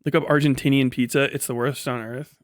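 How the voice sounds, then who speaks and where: A man's voice: mid-range voice, fairly even intonation, brisk, no room sound, clean studio sound. A man chatting casually on a livestream, laid-back, swearing often and laughing between remarks. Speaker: streamer.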